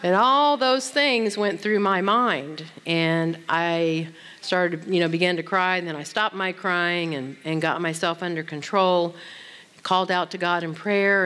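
A woman's voice: lowish voice, a bit bright. A woman in her sixties giving a conversational Bible teaching talk at a women's conference, speaking directly to her listeners.

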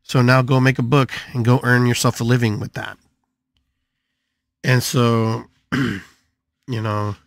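An older man hosting a live podcast, talking through a monologue in an animated way, repeating phrases and swinging his pitch widely. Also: no echo. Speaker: podcast host and shamanic healer.

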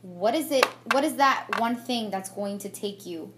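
A woman's voice: fairly high pitch, moderate pace. Young woman, casual makeup vlog, candid and rambling, fillers and restarts, camera mic at home, faint hum behind. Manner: candid, chatty and reflective, with many fillers and restarts. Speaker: beauty vlogger. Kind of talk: get-ready-with-me chat. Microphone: camera mic on a tripod.

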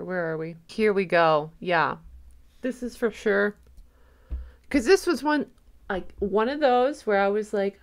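Fangirl woman reacting to a trailer, unhurried talk, mid pitch, gasps and gushes a lot. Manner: gushing, speculative, swings into squeals and gasps. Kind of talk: excited reaction commentary.

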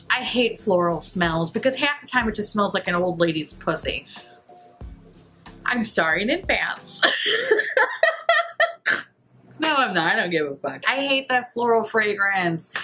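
Giggly, foul-mouthed woman with a bright voice. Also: mid-range voice. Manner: profane, blunt and giggly. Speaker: beauty YouTuber. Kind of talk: casual makeup review chat.

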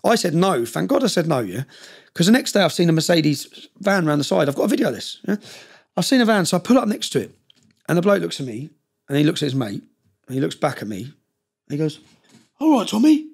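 Fast-talking intense man. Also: fairly high pitch, expressive, gravelly, breathy edge. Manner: intense, rapid, keeps checking in with "yeah?". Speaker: podcast guest. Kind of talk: storytelling in conversation.

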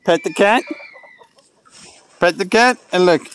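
Outdoors in a yard with geese, chickens, and ducks, a man films his birds and pets on a handheld phone, excitedly and repetitively coaxing them and talking to the camera in casual home-video narration. His voice is high-pitched and slow, with a clean tone and no room sound.

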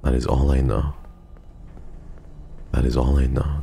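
A man's voice: a bass voice, level tone, unhurried, vocal fry, mellow, a little hiss or hum. A man streaming a game live, chatting casually with his viewers, swearing and joking.

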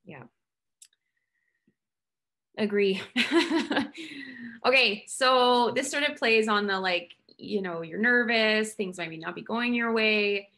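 A woman's voice: mid-range voice, takes it slowly, pauses often, bright, forceful tone. A woman hosting an interview over a video call. She asks her questions enthusiastically, with fillers and hesitant phrasing. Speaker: host.

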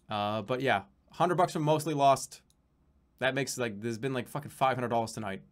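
A man from the United States streaming live, chatting casually in a rambling, profane, joking way with many restarts. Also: medium pitch.

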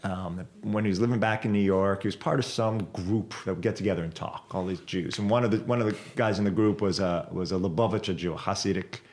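A man guest on a podcast, telling a personal story in a casual, animated way, cursing freely and repeating words as he goes. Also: sits low, quick pace, few pauses.

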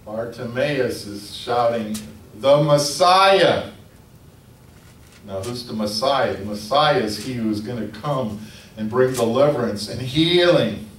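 A man preaching a sermon, telling the story in a lively storytelling manner. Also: mid-range voice, measured pace. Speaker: pastor. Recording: echoey room from a distance, faint noise.

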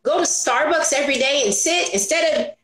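A high-pitched woman speaking as an interview guest, lively and expressive, often slipping into playful voices for the people she quotes. Her voice carries a roomy echo. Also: brisk. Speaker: entrepreneur guest. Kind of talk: animated storytelling interview.

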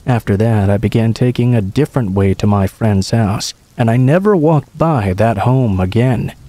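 A man reads true scary stories aloud with a mellow, dark tone. His telling is steady and casual, like a friend recounting something that happened to him. The voice sits close and dry, with no room sound around it. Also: on the low side, moderate pace, no room sound. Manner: steady, casual first-person storytelling. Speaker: horror story narrator.

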